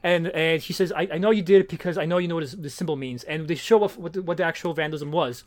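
A man with a high voice tells the story of a comic issue at a quick clip, tripping over his own words as he goes. He fills the gaps with lots of "uh" and "like" and keeps starting over in a loose, casual podcast chat. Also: darkish tone. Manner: rambling, many fillers and restarts. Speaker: podcast co-host. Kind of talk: casual comic book discussion.

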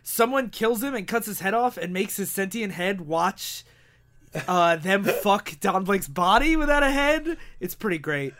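A man's voice: high-pitched, lively intonation, unhurried, a bit bright. A man co-hosting a comic book podcast, enthusiastic and jokey, laughing often. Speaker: podcast co-host. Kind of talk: casual comic book chat.

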